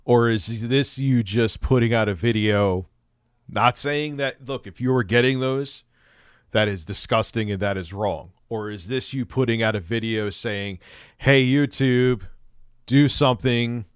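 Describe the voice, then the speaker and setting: A man's voice: lowish voice, unhurried, smooth, no echo, studio quality. A man streaming live and reacting to another creator's video with sarcastic, mocking commentary.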